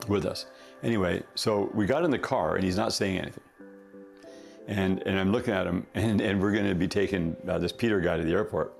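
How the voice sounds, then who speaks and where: A man's voice: low voice, gravelly. A man, a company founder, telling a rambling story in a casual interview, correcting himself often and laughing.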